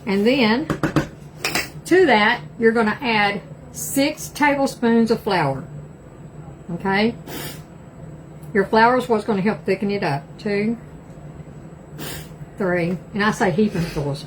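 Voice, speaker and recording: Older east texas lady cooking live in her kitchen, chatty and folksy, lotta y'all, clear background noise. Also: medium pitch, slow, pauses often, poor audio. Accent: East Texas Southern. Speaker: cooking livestream host. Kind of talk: casual live cooking chat. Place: home kitchen.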